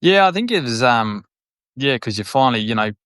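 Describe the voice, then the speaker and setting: A man's voice: mid-range voice, big pitch swings, a little fast, fairly bright tone, clear, resonant tone, no echo, clean studio sound. A middle-aged Australian man, a former footballer, chatting casually as a podcast guest, rambling and full of fillers, chuckling through his stories. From Northern Territory, Australia. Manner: rambling, leans on fillers like "you know" and "whatnot"; chuckles while telling stories. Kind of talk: casual reflective chat.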